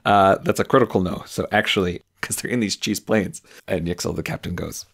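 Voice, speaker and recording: A man's voice: deep voice, steady tone, fairly quick, gravelly, fairly bright tone. A man running a solo tabletop game, musing aloud with loose, filler-heavy narration. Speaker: game master.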